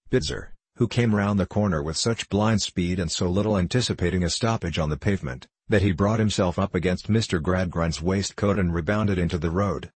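A man reading a classic novel aloud in a measured, formal, ironic manner. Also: deep voice, breathy edge, no room sound. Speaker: audiobook narrator. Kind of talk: scripted narration of a classic novel.

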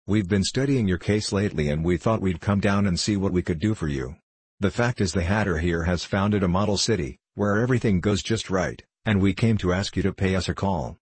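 A man's voice: deep voice, a little fast, husky, dry recording. A man voicing an earnest, businesslike male knight in a storybook reading.

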